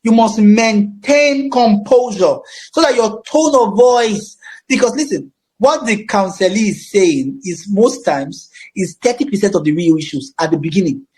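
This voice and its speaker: A man's voice: high-pitched, lively intonation, unhurried, darkish tone. A Nigerian man facilitating a counseling course, speaking emphatically with a projecting voice and often repeating his phrases. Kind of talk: teaching a class.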